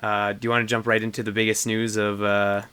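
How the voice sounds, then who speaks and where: A man co-hosting a casual podcast with a bright, forceful voice. He rambles, laughs a lot and lets sentences trail off halfway. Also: on the low side, completely flat delivery, quick pace, clean tone. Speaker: podcast co-host. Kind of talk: casual chat.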